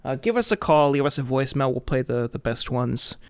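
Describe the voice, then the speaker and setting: A man's voice: mid-range voice, animated, brisk, smooth, dry recording, studio quality. A man co-hosting a podcast, laid-back and joking, with many fillers. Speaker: podcast co-host. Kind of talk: casual podcast chat.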